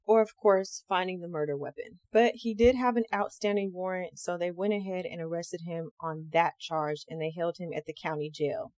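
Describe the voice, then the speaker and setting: A woman's voice: lowish voice, dry recording. Slangy woman telling a true crime story. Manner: animated, slangy, acts out quotes. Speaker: podcast host.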